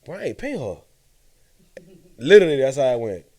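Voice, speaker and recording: A man hosts a relaxed conversation, cracking jokes as he goes. His voice sits in a middle pitch and moves along at an easy pace. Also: a little fast. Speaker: podcast host. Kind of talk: casual conversation.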